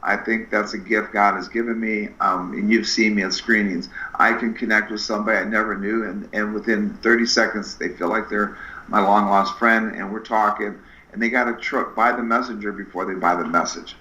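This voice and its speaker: A middle-aged man telling stories as a podcast guest in an energetic, animated way, acting out the dialogue in his anecdotes. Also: on the low side, brisk. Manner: animated, acts out quoted dialogue with shifting voices. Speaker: podcast guest, spinal screener. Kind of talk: energetic storytelling interview. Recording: echoey room, slightly dull sound.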